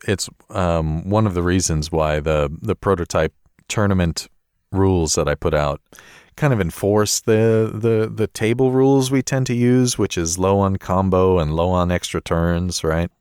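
A man with a low voice chats loosely as a podcast co-host, joking at his own expense and laughing easily. The sound is close and dry. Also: a little slow, darkish tone, clean tone, no room sound. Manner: chatty, self-deprecating, laughs often. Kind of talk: casual podcast chat.

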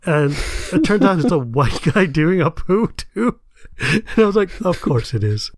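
A young American man in casual chat, animated and laughing often, his pitch leaping up when he gets excited. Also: unhurried, dry recording, clean studio sound. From United States.

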